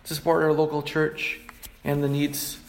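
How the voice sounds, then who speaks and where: A middle-aged male pastor preaching in a plain teaching tone. His voice sits a little high for a man. He reads scripture aloud and explains it to the congregation. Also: completely flat delivery, moderate pace, vocal fry. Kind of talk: sermon.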